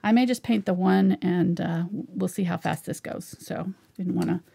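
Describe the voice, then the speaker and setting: Gravelly-voiced woman chatting while painting. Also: lowish voice, moderate pace, dark tone. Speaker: painting instructor. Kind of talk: live painting tutorial.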